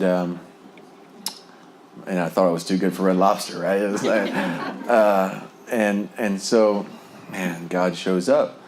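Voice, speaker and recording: A man from New Jersey shares his recovery testimony, his low voice a little mellow over slight background noise. He rambles through the story with lots of fillers and chuckles often as he goes.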